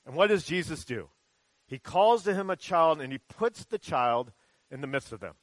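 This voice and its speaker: A man with a fairly high voice gives a children's sermon, chatty and animated as he tells the story. The sound is close and dry, with almost no room echo. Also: normal speed. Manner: conversational, animated storytelling with acted quotes. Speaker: pastor. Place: church sanctuary.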